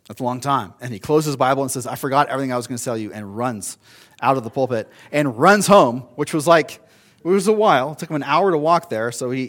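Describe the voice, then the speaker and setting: A man's voice: medium pitch, fairly bright tone. Man preaching a conversational sermon. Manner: conversational, storytelling with restarts and asides. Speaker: pastor.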